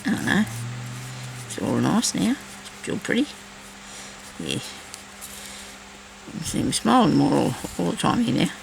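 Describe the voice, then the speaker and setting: A woman's voice: low voice, wildly swooping pitch, unhurried, creaky, long pauses, noisy background. A woman chatting casually while she crafts, thinking aloud and talking to herself as she works. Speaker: crafting vlogger.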